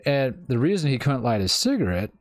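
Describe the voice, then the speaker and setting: A man's voice: medium pitch, big pitch swings, a little fast, no room sound. A man streaming a game, telling stories in a loose, profane, laid-back way and laughing often. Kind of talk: casual storytelling while gaming.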